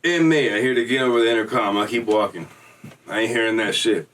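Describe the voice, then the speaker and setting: A man's voice: lowish voice, fairly even intonation, fast, a bit bright, distant mic. A man telling a story in a casual, slangy, streetwise way. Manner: slangy, streetwise, acts out quoted voices.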